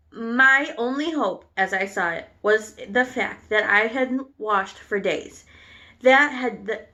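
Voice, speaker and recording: Bright-voiced woman reading a story aloud. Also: mid-range voice. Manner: unpolished reading with restarts on words. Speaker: teacher reading aloud to students. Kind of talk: reading a children's novel aloud.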